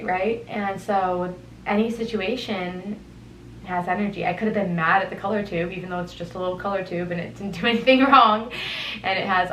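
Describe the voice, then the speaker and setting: A woman's voice: mid-range voice, creaky, slight background noise. Thoughtful young woman musing on a roomy podcast. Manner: thoughtful, meandering, with tangents and soft laughs. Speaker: podcast host. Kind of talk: reflective solo podcast talk. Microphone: headphones on, studio-style mic.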